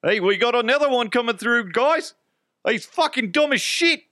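A man voicing a brash Australian man in a mock Australian accent, pushed high and strained. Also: expressive, moderate pace, pushed and bright, no echo, studio quality, heavily acted. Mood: scornful.

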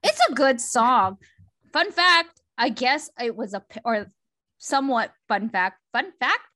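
A bright, forceful young woman co-hosting a casual podcast chat. She talks with eager enthusiasm, a little higher than most, with plenty of fillers and restarts. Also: animated, a little slow. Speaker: podcast co-host.

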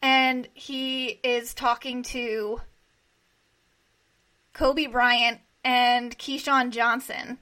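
Bright high-voiced woman interviewer. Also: level tone. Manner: chatty, quick to react. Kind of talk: casual interview.

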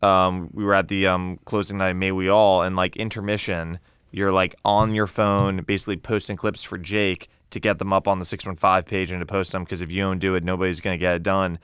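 Male podcast host, smooth clear tone, dry studio sound, easygoing. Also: low-pitched, level tone, brisk, a bit bright, no echo. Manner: easygoing, encouraging, playful asides. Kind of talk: casual interview chat.

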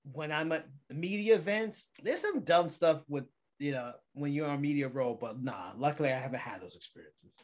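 A man in a casual podcast chat, speaking as an MMA media guest, chatty and quick to laugh. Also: a little high. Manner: laughs often, animated, chatty.

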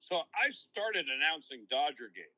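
Older New broadcaster, bright and forward, spins long reflective stories as an interview guest. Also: male voice, fairly high pitch, very animated, normal speed, low-quality recording. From New York. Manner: long-winded, reflective storytelling. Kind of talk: casual interview, storytelling.

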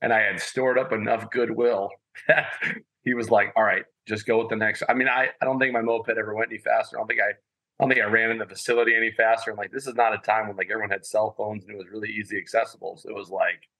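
Bright-voiced man telling rambling stories. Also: on the low side, fast talker, vocal fry, low-quality recording. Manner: rambling, animated, with lots of fillers. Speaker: podcast guest, former college walk-on athlete. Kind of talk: casual storytelling.

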